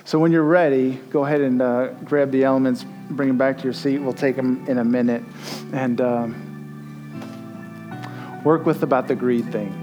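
A man's voice: medium pitch, steady tone, normal speed, a little mellow, muffled recording, soft background music. A male pastor giving a conversational sermon and leading communion, rising to emphatic peaks.

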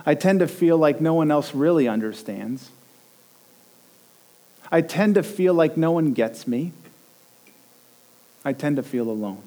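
A male pastor in his thirties delivers a sermon with a somewhat high voice. He tells stories animatedly and slips into quoted voices. His delivery rises and falls with the anecdote. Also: a little slow, long pauses, rough recording. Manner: animated storyteller, acts out quotes with rising pitch. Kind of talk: sermon with personal story.

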